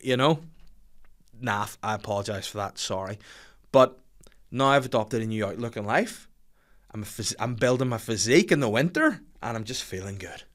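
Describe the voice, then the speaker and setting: A man's voice: on the low side, lively intonation, brisk, a bit bright. A man in his thirties with a Northern Irish accent, hosting a comedy podcast as a sweary, self-mocking storyteller. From Northern Ireland. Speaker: podcast host.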